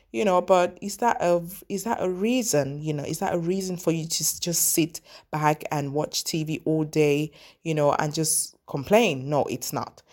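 Young woman, from Cameroon, low deep voice, casual vlog storytelling, animated, restarts often. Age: young adult. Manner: animated, acts out phone calls, frequent restarts and fillers. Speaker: vlogger giving career advice.

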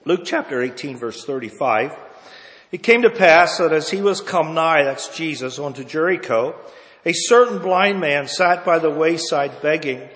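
A man with a high voice preaches a sermon and reads old-fashioned scripture aloud. He swings from hushed, low lines up to loud, impassioned cries. His voice rings with the long reverb of a large hall. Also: lively intonation, normal speed.

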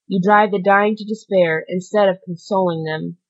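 A woman's voice: mid-range voice, steady tone, normal speed, highs cut off, close to an everyday voice. A woman voicing a desperate dying male ex-convict, pleading in anguished outbursts.

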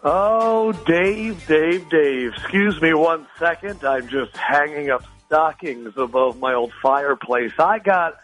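A man appearing as a guest on a sports radio show, telling stories in an animated, mock-dramatic way with big swings in pitch. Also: slow, hardly any pauses, soft background music, rough recording. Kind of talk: theatrical comic storytelling on sports radio.

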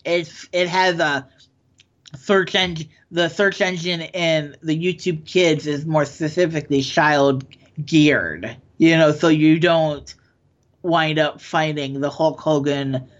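A man's voice: on the high side, steady tone, slow pace. Man reading odd news, dull sound. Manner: reads news items, stumbles and corrects himself. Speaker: podcast co-host. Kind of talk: casual news chat.

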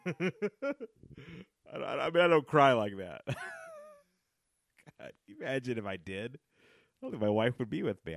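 A man in his thirties hosting his own podcast, chatting casually and jokily, swinging between loud bursts and low mumbles. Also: dry recording, studio quality. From Chicago area. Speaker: podcast host. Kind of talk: casual solo podcast chat.

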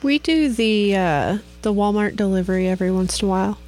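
A woman's voice: mid-range voice, fairly quick, darkish tone, soft background music. A woman co-hosting a podcast, laid-back, mostly giving short replies in casual chat. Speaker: podcast co-host.

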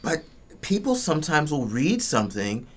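A man who produces and directs audio drama, explaining in a lively way during a casual panel chat. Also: on the high side, normal speed.

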